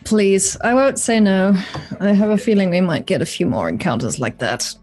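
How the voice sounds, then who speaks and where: A woman playing in a tabletop game, upbeat and quick to laugh. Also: mid-range voice, very animated, darkish tone. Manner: giggly, upbeat. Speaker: player. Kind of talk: casual tabletop play.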